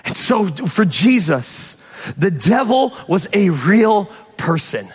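A man preaching a sermon, animated, with sudden shouts and quick asides. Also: high voice, breathy edge. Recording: long hall reverb.

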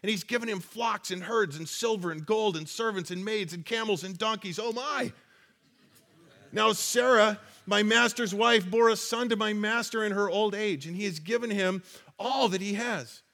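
A man voicing an excited male servant who eagerly retells a miraculous story. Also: high-pitched, moderate pace, pitched above the performer's own voice.

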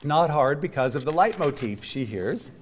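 A man's voice: on the high side, animated, normal speed, slight background noise. A man giving a classroom lecture to a live audience, explaining in a chatty way and walking listeners through examples. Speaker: music lecturer.

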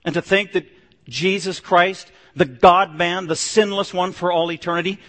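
Male pastor, higher-pitched, emphatic sermon delivery with hushed drops; long hall echo. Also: fairly even intonation, moderate pace. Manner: emphatic, swings between loud declarations and low hushed stretches.

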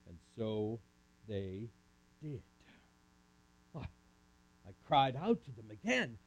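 A man's voice: medium pitch, big pitch swings, slow, long pauses, a little mellow. A man giving a first-person dramatic monologue as a camp speaker, talking with an audience volunteer in a theatrical way. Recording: muffled lo-fi recording.

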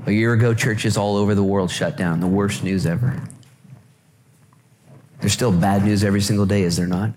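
A male pastor preaching a lively sermon at a church service, joking and repeating phrases for emphasis. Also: on the low side, moderate pace, pauses often, a little hiss or hum.

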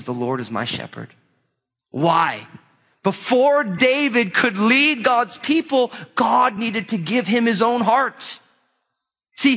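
High, bright-voiced man preaching in a hall. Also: dull audio. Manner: animated storytelling, acting out voices. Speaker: pastor. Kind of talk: sermon.

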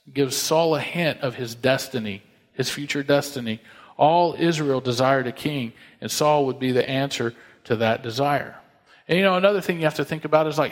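A man's voice: a little high, in a large hall. A man preaching a sermon in a conversational, folksy, emphatic way, retelling scripture with asides.

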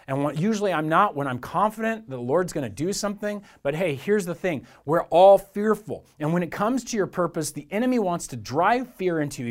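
Male pastor, slightly high voice, earnest conversational sermon delivery. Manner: earnest, conversational preaching with rhetorical repetition.

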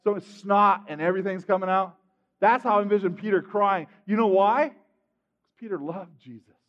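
A man preaching a sermon, telling the story with animated swings between loud and hushed delivery. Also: sits high, normal speed. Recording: dull sound with long hall reverb.

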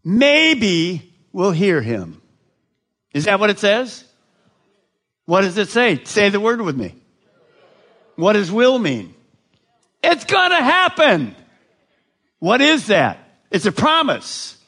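Slow, emphatic preacher man. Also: high-pitched, sharp tone, breathy edge. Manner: slow, emphatic, asks the audience questions. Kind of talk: sermon. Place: large gathering addressed live.

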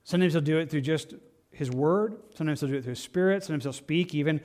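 A man's voice: fairly high pitch, fast, a little mellow. A man teaching a Bible study as a pastor, talking in a conversational way with frequent restarts.

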